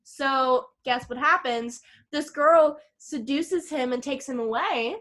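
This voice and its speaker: A woman co-hosting a podcast, recapping a film in a rambling, excitable way, full of "like" and swearing. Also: high-pitched, takes it slowly. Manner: rambling, filler-heavy, lots of "like"; profane, excitable retelling. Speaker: podcast co-host. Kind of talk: casual film recap chat.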